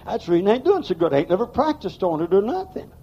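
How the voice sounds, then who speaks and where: A man's voice: sits high, very animated, very fast, mellow, muffled recording, a little hiss or hum. A man preaching a sermon in a church, emphatic and folksy, with plain rural grammar. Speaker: pastor.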